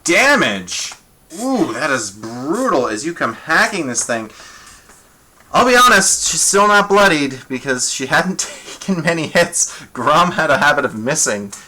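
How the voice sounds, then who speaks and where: A man running a tabletop horror game live as game master, animated and quick with apologetic asides. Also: a little high, slight background noise, poor audio.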